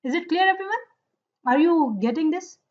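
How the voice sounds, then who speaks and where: High-voiced woman teaching Arabic grammar. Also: animated, moderate pace, lo-fi sound. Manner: explains patiently, checks understanding often. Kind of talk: online class lesson.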